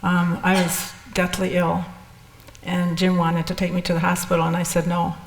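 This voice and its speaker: A woman's voice: fairly low pitch, completely flat delivery, normal speed, vocal fry, slight background noise. An older woman telling her personal story in a candid, rambling way, with restarts and asides. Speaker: speaker sharing experiences. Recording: echoey hall with long reverb.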